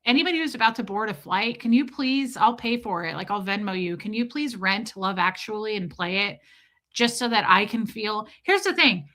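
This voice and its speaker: A young adult woman hosting a livestream, chatting casually with viewers in a rambling, animated way, her voice a little worn from screaming. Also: mid-range voice, normal speed. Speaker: livestream host.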